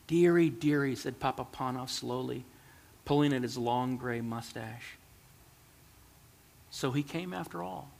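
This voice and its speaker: Earnest male storyteller; gravelly, recorded in a reverberant hall. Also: mid-range voice. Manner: earnest, emotional. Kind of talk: reading a children's story aloud, then reflecting.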